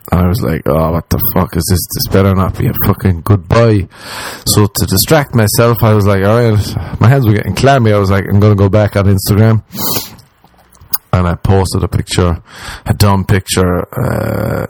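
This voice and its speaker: A man's voice: on the low side, steady tone, moderate pace, a little mellow, slight background noise. A young Irish man, a comedian, hosting a podcast and telling a story in a rambling, profane, self-deprecating way. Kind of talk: casual storytelling monologue.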